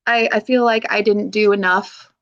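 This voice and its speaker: As a guest on a podcast, this army veteran in her thirties, from the Pacific Northwest of the USA, talks openly and emotionally, laughing a lot and swearing casually. She has a mid-range, fairly bright voice with fairly even intonation at a normal speed, and the audio's highs are cut off.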